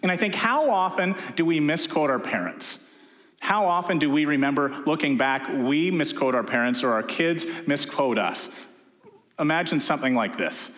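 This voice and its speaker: Lively male preacher in an echoey hall. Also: fairly high pitch, normal speed. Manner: lively storyteller, acting out quotes in character voices. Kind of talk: sermon.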